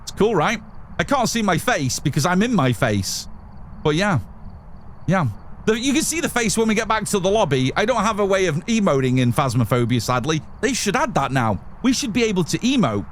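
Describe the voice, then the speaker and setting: A man streaming a game live from his home setup, chatting away to viewers and muttering to himself as he plays. His voice sits a little higher than most men's, with a faint hiss of noise behind it. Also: big pitch swings, fairly quick. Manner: chatty, talks to chat and to himself while playing. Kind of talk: live gameplay commentary.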